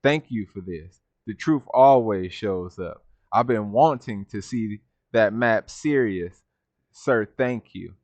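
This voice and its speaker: A man's voice: on the low side, takes it slowly, darkish tone, no echo. A man hosting a reaction video in casual commentary, often laughing and mocking in disbelief. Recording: dull lo-fi sound.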